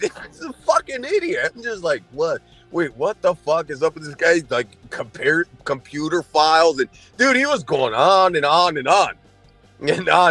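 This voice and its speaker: A man's voice: high-pitched, fairly bright tone. Heated, profane male streamer ranting. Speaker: livestreamer. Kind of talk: angry livestream rant.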